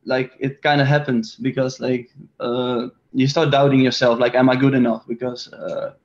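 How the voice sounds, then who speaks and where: A man's voice: medium pitch, flat delivery, normal speed, dull audio. A young man from the Netherlands in his twenties with a Dutch accent, answering interview questions in a hesitant, filler-heavy way. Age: 20s. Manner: hesitant, many fillers and restarts. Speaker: soccer player guest.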